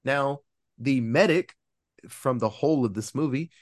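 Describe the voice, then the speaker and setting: A man co-hosting a podcast, casually recapping a film's plot with lively storytelling, acting out the characters' lines and throwing in sarcastic cheers and the odd swear. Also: mid-range voice, measured pace. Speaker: podcast co-host reviewing a film.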